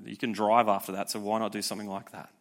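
A young man giving a youth sermon in a conversational, energetic way, with frequent rhetorical asides. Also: lowish voice, fast talker. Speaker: youth pastor.

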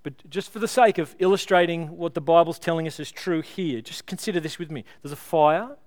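A man preaching to his congregation in a smooth, resonant voice pitched a little high. He talks earnestly and pleadingly, speeding up to drive a point home and slowing down to lead a prayer. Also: darkish tone. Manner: earnest, pleading, builds with illustrations then slows to prayer. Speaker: pastor. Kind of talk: sermon. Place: church service.

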